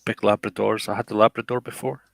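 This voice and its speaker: A middle-aged man talks in a loose, rambling way, restarting his sentences often. His voice is low and gravelly. The sound is dry and close. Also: level tone, fairly bright tone, no room sound, poor audio. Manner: rambling, halting, many restarts. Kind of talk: casual chat.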